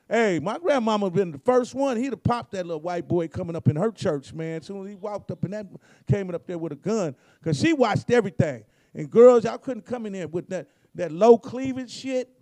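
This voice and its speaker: A man tells profane comedy stories in a high, gravelly, hoarse voice. He keeps it laid-back and acts out the people he quotes. The recording is dry and close. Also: expressive, moderate pace, dark tone, no room sound. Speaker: guest comedian. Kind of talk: storytelling comedy.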